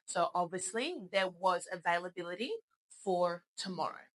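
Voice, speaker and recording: A woman's voice: fairly low pitch, moderate pace, rough recording. A woman teaching English in a spoken lesson, patient and encouraging as she explains things step by step.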